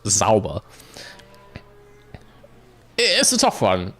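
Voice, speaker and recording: A man's voice: fairly low pitch, huge pitch swings, very slow, bright, forceful tone, soft background music. A British man streaming a game, chatting casually with viewers, laughing often. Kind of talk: casual livestream chat.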